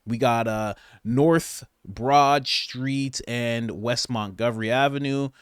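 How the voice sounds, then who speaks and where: A man's voice: mid-range voice, fairly even intonation, slow, smooth, dry recording. Exasperated man ranting in a dry room. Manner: ranting, exasperated, laughs at own slips. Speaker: political commentator. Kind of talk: political commentary vlog.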